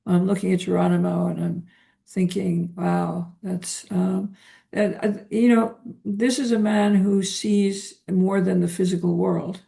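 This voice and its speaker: A woman guest, a psychotherapist, talking in a reflective, hesitant way with frequent pauses and ums during a spiritual interview. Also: on the low side, flat delivery, gravelly, warm tone.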